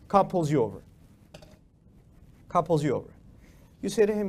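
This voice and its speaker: A man's voice: on the high side, big pitch swings, normal speed, long pauses. A man giving a religious lecture as a preacher, emphatic and full of rhetorical questions. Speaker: Islamic preacher.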